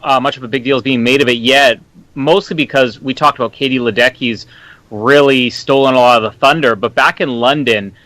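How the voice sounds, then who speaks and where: Bright-voiced wry man. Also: mid-range voice, fairly even intonation, a little fast, no echo, poor audio. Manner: wry, joking. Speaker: podcast co-host. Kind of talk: casual sports chat.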